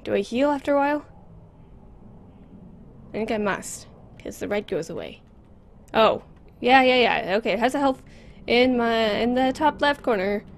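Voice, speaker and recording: Brief: woman, horror game let's play, jittery, repeats words, a bit high-pitched, close mic, faint room hum. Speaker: gameplay commentator. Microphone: close desk microphone.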